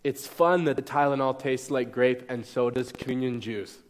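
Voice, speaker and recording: A man's voice: medium pitch, fairly even intonation, moderate pace. Young male pastor preaching in an echoey hall. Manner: conversational, checks in with "okay?". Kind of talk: sermon.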